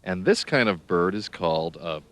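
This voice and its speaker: A man doing scripted narration for young children, speaking in a slow, sing-song, encouraging way and spelling words out letter by letter. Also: sits low, expressive, fairly bright tone.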